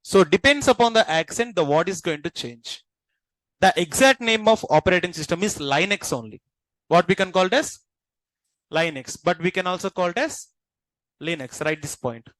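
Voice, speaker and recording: A man, lecturing a class as instructor and constantly checking understanding with quick questions. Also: sits high, animated, fairly bright tone, no room sound, poor audio.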